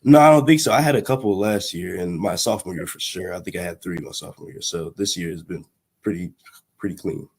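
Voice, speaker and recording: A teenage young man, a high school athlete giving short, polite answers in an interview. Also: quick pace, slightly rough. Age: teens. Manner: polite, brief, soft-spoken answers. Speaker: guest, high school running back.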